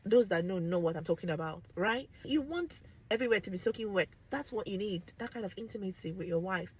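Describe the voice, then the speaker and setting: Animated Nigerian woman, husky voice. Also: medium pitch, fast talker, rough recording. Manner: animated, exclaims and laughs, drops into pidgin. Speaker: vlogger. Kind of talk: candid talk to camera.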